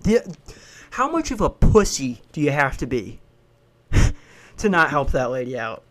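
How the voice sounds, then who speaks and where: A man's voice: a little high, very animated, measured pace. A man who works a hotel front desk, venting in a worked-up, profane rant about a coworker. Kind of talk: venting storytime vlog.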